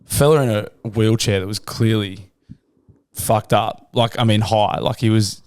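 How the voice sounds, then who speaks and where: A man's voice: lowish voice, steady tone, a little slow, a little mellow, dry recording. An Australian man co-hosting a podcast, telling crude, joking stories in casual chat. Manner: crude, jokey storytelling, slips into silly voices. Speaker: podcast co-host.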